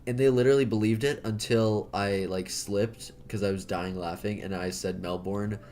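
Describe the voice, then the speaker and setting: A man's voice: fairly low pitch, steady tone, normal speed, a little mellow, slight background noise. A man with an American accent chatting casually while he draws, rambling, jokey and correcting himself. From United States. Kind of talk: casual chat while drawing.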